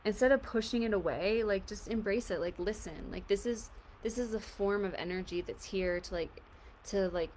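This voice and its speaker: A woman coaching an emotional tapping exercise in a gentle, reassuring, casual way, often saying "like". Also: medium pitch, normal speed, a little hiss or hum. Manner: casual, fills speech with "like". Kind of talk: guided tapping session.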